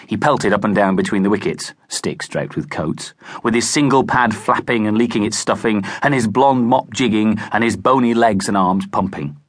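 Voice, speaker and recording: A man reading a children's novel aloud as narrator, expressive and animated, recorded close in a booth. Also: lowish voice, normal speed, no echo. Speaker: audiobook narrator. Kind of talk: scripted narration. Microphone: close studio mic.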